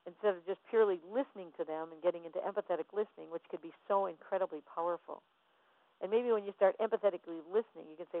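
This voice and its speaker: A woman's voice: on the low side, very fast, no room sound. Emphatic woman, tinny dry recording. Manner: emphatic, repeats phrases, acts out dialogue. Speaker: motivational speaker. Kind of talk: motivational talk. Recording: tinny phone-like sound, dry.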